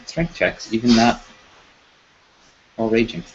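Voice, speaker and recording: A man playing a tabletop game, talking in an animated, jokey way. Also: mid-range voice, a little slow, lo-fi sound, slight background noise. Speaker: player.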